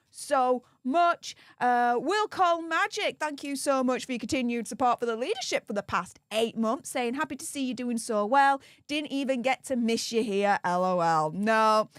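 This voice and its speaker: High-voiced Yorkshire woman streaming. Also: no room sound, studio quality. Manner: chatty and upbeat, thanking supporters by name. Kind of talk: casual live-stream chat.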